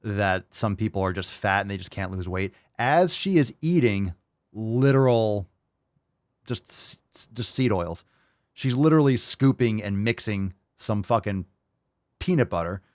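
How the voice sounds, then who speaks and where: A man's voice: fairly low pitch, a little slow, dry recording, studio quality. A man hosting a podcast, reacting to video clips with mocking, profane commentary. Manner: sarcastic, mocking, swears a lot. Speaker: podcast host.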